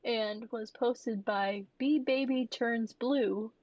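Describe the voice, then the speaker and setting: A woman's voice: on the high side, darkish tone, no echo, muffled recording. A woman podcast co-host who jokes playfully and reads a listener story aloud. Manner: playful, quick to joke and laugh. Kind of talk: casual chat and story reading.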